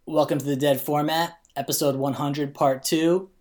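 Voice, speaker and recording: A man's voice: fairly high pitch, fairly even intonation, moderate pace, crowd noise. A man hosting a podcast, chatting in a loose, bro-ish way and swearing freely over a remote call. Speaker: podcast host. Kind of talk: casual chat.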